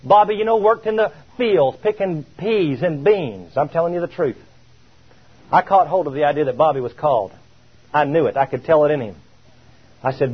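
A man's voice: a little high, expressive, moderate pace, slightly rough, dull audio. A man preaching a sermon, emphatic and drawn out, firing rhetorical questions at his listeners.

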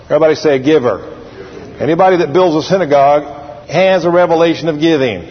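A man preaching a sermon as pastor, animated and drawling, repeating phrases for emphasis. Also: fairly high pitch, quick pace, slightly rough. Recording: lo-fi recording with long hall reverb.

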